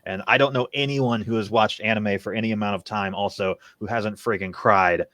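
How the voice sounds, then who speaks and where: A man's voice: lowish voice, steady tone, fairly quick, fairly bright tone, no echo, studio quality. A man on a casual podcast, reflective, telling stories about what he watched. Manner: reflective, storytelling. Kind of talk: casual chat.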